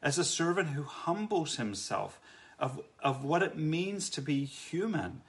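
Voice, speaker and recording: Man, fairly high voice, earnest and reflective faith talk, halting with frequent restarts. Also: expressive. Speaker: Christian speaker.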